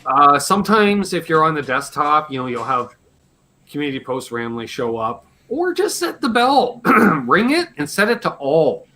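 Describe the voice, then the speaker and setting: A man with a slightly hoarse voice, hosting a casual live Q&A stream, rambling and joking and swearing offhand. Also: on the high side, sing-song, normal speed, bright, forceful tone. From Canada. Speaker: livestream host.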